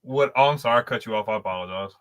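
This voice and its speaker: A man's voice: mid-range voice, rapid-fire, a bit bright, clean tone. A man co-hosting a casual football talk show who talks politely and laughs along. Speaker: co-host.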